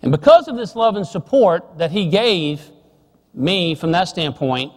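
A middle-aged man preaching a sermon, telling a family story and dropping soft and slow on serious points. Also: sits high, expressive, big-room sound.

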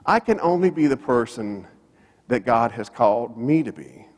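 A man's voice: medium pitch, animated, normal speed, a little mellow. A man preaching a sermon. He tells a story and swings his voice up and down for emphasis. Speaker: pastor. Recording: long reverb of a church hall.

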